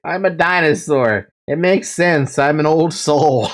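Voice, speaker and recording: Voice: mid-range voice, takes it slowly. A streamer chatting casually and playfully while playing a game, laughing often and swearing.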